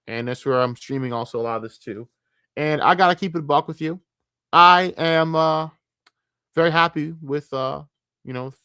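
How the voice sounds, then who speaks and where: A young American man streams with a mid-range voice that sounds pushed and bright, recorded dry with clean studio sound. He rants casually, frustrated and profane, often stammering and restarting his sentences.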